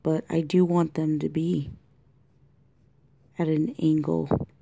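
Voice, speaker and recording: A woman talking through a colored-pencil tutorial in a chatty way, thinking aloud and often dropping to a soft whisper. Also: low-pitched, flat delivery, slow pace, gravelly. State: has the hiccups. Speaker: art tutorial host. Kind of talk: casual drawing tutorial narration. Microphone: camera mic close to the desk.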